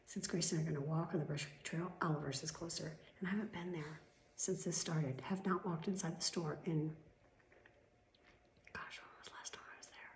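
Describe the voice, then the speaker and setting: A woman venting in a casual vlog, swearing freely and swinging between loud outbursts and whispered asides, a little chesty. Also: low-pitched, steady tone, brisk, roomy sound, a little hiss or hum. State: coughing, chesty. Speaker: vlogger.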